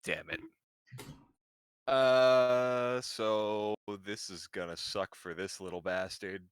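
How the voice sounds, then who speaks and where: A man's voice: on the low side, slow, smooth, no room sound, clean studio sound. A man playing a tabletop game, casual, crude and swearing a lot. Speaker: player.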